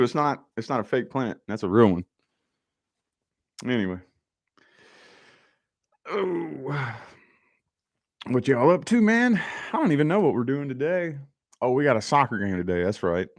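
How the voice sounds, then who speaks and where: A laid-back man rambles to his live viewers from his home office. His pitch swings up and down a lot as he chats, with a casual drawl full of "y'all" and "man". The talk is loose and friendly, never scripted. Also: animated, normal speed, long pauses. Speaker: live-stream host.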